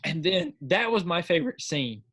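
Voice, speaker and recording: Man, podcast co-host, husky, slightly high, excitable, rambling. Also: normal speed. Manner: excited, rambling, acts out reactions; repeats filler words. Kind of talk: casual chat.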